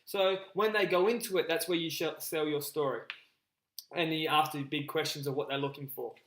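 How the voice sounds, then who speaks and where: A man coaching a group on a live call, energetic and repetitive, often calling his listeners guys. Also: on the high side, normal speed, echoey room, a little hiss or hum, poor audio. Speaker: business coach.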